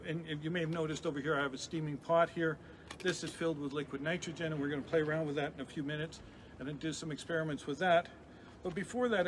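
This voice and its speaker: A middle-aged man with a fairly high voice runs a lively live science demonstration for kids, chatting as he works and restarting his sentences. He is a chemistry professor. A steady noisy hiss sits under the recording.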